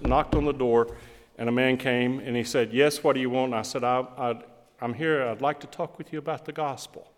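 A middle-aged man, a pastor, preaching a sermon with emphatic swings between loud and quiet. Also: mid-range voice. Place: church sanctuary. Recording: long reverb of a church hall.

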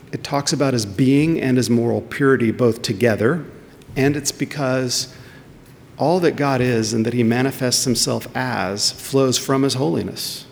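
A man's voice: medium pitch, creaky, a little mellow. A man preaching a sermon, emphatic and questioning, repeating words as he searches for them. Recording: long hall reverb.

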